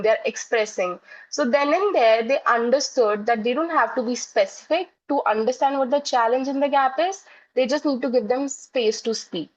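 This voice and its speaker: A woman psychologist and educator answering interview questions earnestly, explaining through classroom stories. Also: on the high side. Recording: dull lo-fi audio.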